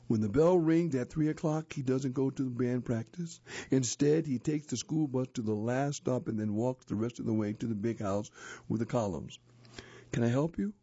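A man narrating a story and a handbook aloud in a steady, expressive reading voice. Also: mid-range voice, husky, no room sound. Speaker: narrator, reader. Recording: dull lo-fi dry recording.

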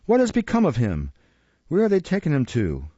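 A man's voice: mid-range voice, big pitch swings, normal speed, darkish tone, no echo, muffled recording, pitched above the performer's own voice. A man voicing a spirited, cool-headed young woman who speaks in a collected, composed way. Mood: mock distress.

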